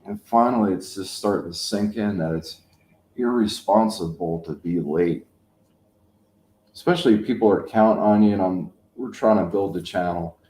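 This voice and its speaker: Male, 50s, channel host: dark, mellow voice, loose rambling chat, roomy echo. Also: low-pitched, moderate pace. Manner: rambling, anecdotal storytelling. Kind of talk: casual chat. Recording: echoey room.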